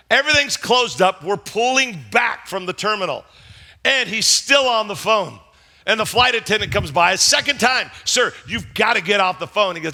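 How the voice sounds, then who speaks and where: The pastor, a middle-aged man, brings his sermon stories to life by acting out scenes and voices. His voice sits high and sounds creaky.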